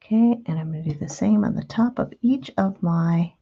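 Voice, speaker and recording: Female craft host, low gravelly voice, chatty and patient demo, dull lo-fi sound. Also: normal speed. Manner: chatty, patient, talks while working with hands. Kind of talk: relaxed step-by-step craft demonstration.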